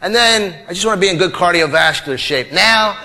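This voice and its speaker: A man performing a stand-up comedy routine, ranting with mock-earnest conviction and shouting his punchlines. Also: high-pitched, animated, a little fast. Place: live comedy stage before a laughing audience. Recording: noisy live recording with loud crowd laughter.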